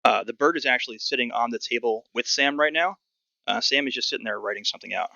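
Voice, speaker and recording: A man running a tabletop game, describing scenes in a relaxed, filler-heavy way. His voice is gravelly and bright. The sound is dry and dull, lo-fi. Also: mid-range voice, fast talker, no room sound. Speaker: game master.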